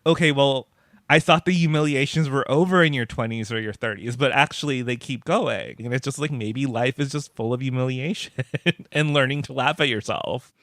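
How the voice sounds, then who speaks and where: A man's voice: medium pitch, normal speed, a bit bright, no echo, studio quality. A man talking as a guest in a casual interview, chatty, full of filler words and laughing often. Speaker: pop culture writer and guest.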